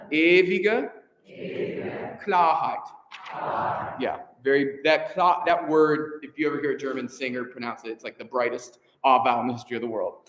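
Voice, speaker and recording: A man directing a choir rehearsal, coaching German diction, counting in, and encouraging the singers. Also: on the high side. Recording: echoey hall, piano in background.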